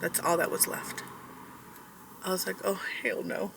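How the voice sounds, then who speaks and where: A woman's voice: mid-range voice, fairly even intonation, a little slow, gravelly, recorded from a distance. A middle-aged woman vlogging, telling a personal story in a candid, rambling way with casual swearing. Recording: road noise, mic held away.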